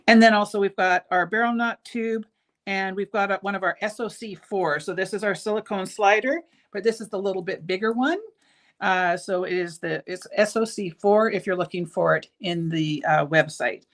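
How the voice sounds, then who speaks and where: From the indoor studio of her jewelry shop, a woman with a medium-pitched voice hosts a casual bead show livestream at a moderate pace. She talks in a loose, rambling way with many ums and restarts, sounding excited about the beads.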